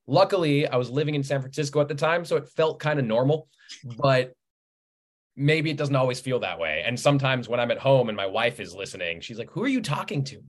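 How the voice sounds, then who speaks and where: Guy in his 30s, author guest, easygoing storyteller, mid-pitch voice, does little voices when quoting people. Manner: animated storyteller, acts out quoted voices. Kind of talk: casual conversational interview.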